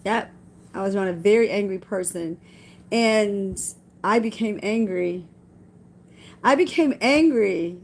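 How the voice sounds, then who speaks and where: A woman's voice: medium pitch, measured pace, gravelly, long pauses, a little hiss or hum. A middle-aged woman giving a casual, folksy spiritual talk to camera, repeating phrases for emphasis and quoting scripture. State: tearful at times. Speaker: vlogger.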